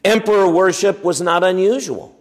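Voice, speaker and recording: A man's voice: high-pitched, moderate pace, in a large hall. A man preaching a sermon in a conversational teaching way, asking his listeners questions and often restarting with fillers and repeated words. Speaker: pastor.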